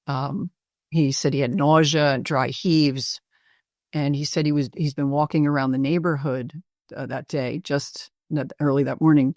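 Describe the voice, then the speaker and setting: A woman physician presenting a patient case in a webinar interview, speaking hesitantly with many pauses and fillers. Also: low-pitched, darkish tone, dry recording, clean studio sound.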